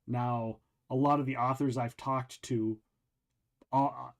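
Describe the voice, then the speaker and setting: A man hosting a show, casually chatting while walking through a video game, rambling with many pauses and restarts. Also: mid-range voice, gravelly. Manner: rambling, relaxed, lots of ums and restarts. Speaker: show host. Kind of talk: casual game walkthrough chat.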